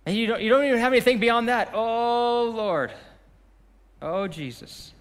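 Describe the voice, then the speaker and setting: A man preaching a sermon as pastor, swinging from impassioned shouting to a hushed closing prayer. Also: extremely high pitch, moderate pace, in a large hall. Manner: impassioned, shouting repeated phrases, then dropping to a quiet prayer.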